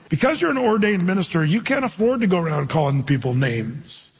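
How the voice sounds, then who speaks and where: A male pastor giving an animated sermon, asking his listeners questions and acting out quoted voices. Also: sits high, husky, long reverb tail.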